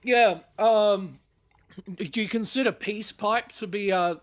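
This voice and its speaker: A man co-hosting a comedic livestream, loud and profane, often shouting his rants. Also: high-pitched, takes it slowly. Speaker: co-host.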